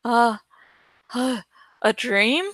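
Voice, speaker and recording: A terrified housewife shrieking in high, piercing bursts, as a woman reads her aloud. She stammers through her panic in a bright, sharp voice, recorded dry and close for an audiobook reading. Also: drawn-out words, no room sound. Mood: screaming, panicked. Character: terrified adult woman screaming in her kitchen.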